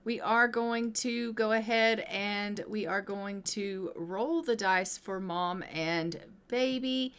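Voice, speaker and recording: A woman casually narrating her life-simulation gameplay step by step, chatty and gentle, now and then voicing her characters in quick asides. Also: mid-range voice, a little hiss or hum. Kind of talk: casual let's-play commentary.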